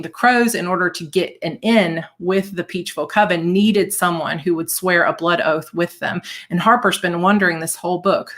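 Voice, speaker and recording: A woman reading her own novel aloud on a live stream, chatting casually between chapters. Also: lowish voice. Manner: conversational and chatty in recaps, steady in first-person narration. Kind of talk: live audiobook reading with chat.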